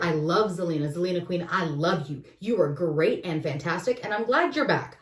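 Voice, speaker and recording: Woman co-host, judgmental and animated, mic set back in an echoey room. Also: lowish voice, moderate pace, hardly any pauses, distant mic. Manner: opinionated, animated ranting with laughs. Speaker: podcast co-host. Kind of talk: casual chat.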